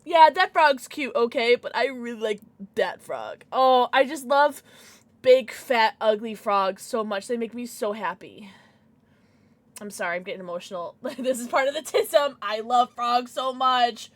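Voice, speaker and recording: A woman's voice: a little high, expressive, measured pace, no room sound. A young woman livestreaming, chatting casually with her viewers, giddy and emotional, often squealing and laughing.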